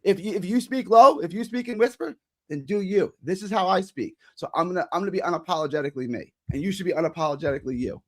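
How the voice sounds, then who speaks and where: A man arguing loudly and combatively with chat comments on a live stream. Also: sits high, quick pace. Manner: combative, argumentative, loud. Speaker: regular show guest. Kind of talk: heated live-stream talk.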